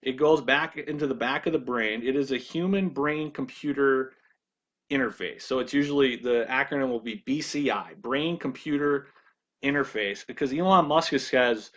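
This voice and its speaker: A man's voice: mid-range voice, a bit bright. Male presenter, casual talk, stumbles and restarts a lot, dull lo-fi recording. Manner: halting, with frequent restarts and repeated words. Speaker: ministry video presenter. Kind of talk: casual monologue.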